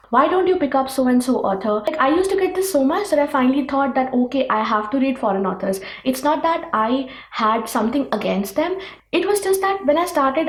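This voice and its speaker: High-voiced Indian woman ranting earnestly. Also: reverberant, low-quality recording. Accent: Indian English. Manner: emphatic and earnest, with rhetorical questions. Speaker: book vlogger. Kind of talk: rant-style vlog talk to camera.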